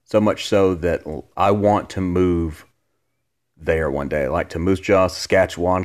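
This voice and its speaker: A man's voice: low-pitched, fairly even intonation, measured pace. A man hosting a casual podcast from his living room, joking and rambling as he answers listener questions. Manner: joking, rambling, self-deprecating. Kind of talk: casual chat.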